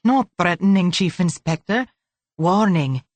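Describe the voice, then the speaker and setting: A woman's voice: on the low side, animated, measured pace, no room sound. Woman narrator playing a fussy old-fashioned lawyer man, prim, gabbling, close dry sound. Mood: flustered. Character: fussy nervous male lawyer.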